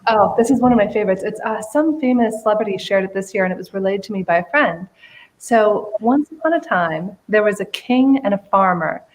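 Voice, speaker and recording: A woman's voice: medium pitch, a little fast, poor audio. A woman who is a radio show guest, telling a story with theatrical expression.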